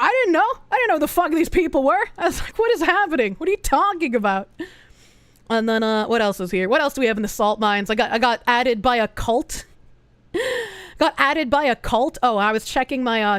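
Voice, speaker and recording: A woman's voice: a little high, no room sound. A woman streamer reading out posts to her chat in a casual, profane, exasperated way. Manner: profane, exasperated, quick to gasp and laugh.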